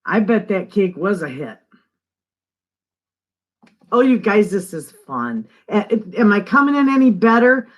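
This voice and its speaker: An older woman from northern Michigan hosts a homestead live stream, casually greeting people and reading their comments aloud from her home, away from the living room. She has a mid-range voice with big pitch swings, a measured pace, and long pauses.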